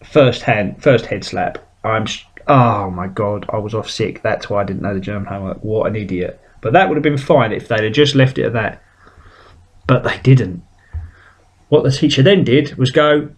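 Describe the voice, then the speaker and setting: A man's voice: medium pitch, normal speed. A man with a British accent hosting a weekly drawing show, chatting casually and telling self-mocking stories. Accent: British English. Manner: self-mocking storyteller, acts out quotes. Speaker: webcomic artist and show host. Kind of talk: casual rambling chat while drawing.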